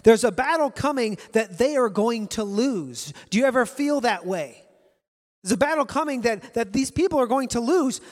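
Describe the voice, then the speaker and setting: A man's voice: very high voice, long reverb tail. A male pastor preaching a sermon to his congregation, earnest and repeating key phrases for emphasis.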